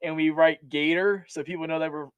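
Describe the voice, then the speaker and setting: Animated young man telling army stories. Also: a little high, a little fast, clean tone, no echo, highs cut off. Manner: animated, laughs often, many restarts. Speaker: guest, army veteran. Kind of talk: casual storytelling.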